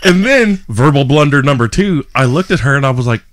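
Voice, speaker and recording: A man's voice: medium pitch, animated, fairly quick, a bit bright. A young man, a podcast host, telling a story animatedly with frequent laughter and self-mocking asides. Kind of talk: casual storytelling.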